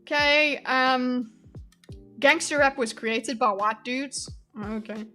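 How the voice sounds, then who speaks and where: A woman's voice: high voice, takes it slowly, pushed and bright, soft background music. A woman from Spain giving casual, chatty reaction commentary, swearing and laughing as she gets heated. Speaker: video commentator.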